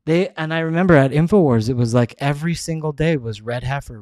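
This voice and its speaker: A man's voice: medium pitch, fast talker, hardly any pauses, darkish tone, no room sound. Rambling male host, dry sound. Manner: rambling, restarts often, many "like"s. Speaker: show host. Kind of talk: casual rambling monologue.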